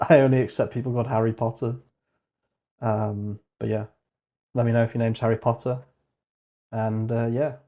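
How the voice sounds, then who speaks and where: A man's voice: mid-range voice, little pitch movement, normal speed, pauses often, dark tone. A man hosting his channel's livestream in casual chat, joking and laughing at his own jokes. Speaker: channel host.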